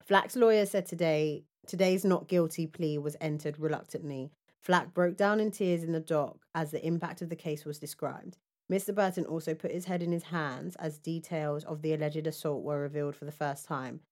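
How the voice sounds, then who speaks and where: A woman's voice: deep voice, normal speed, darkish tone. A woman co-hosting a casual chat, reading out news stories with laughter and asides. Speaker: podcast co-host.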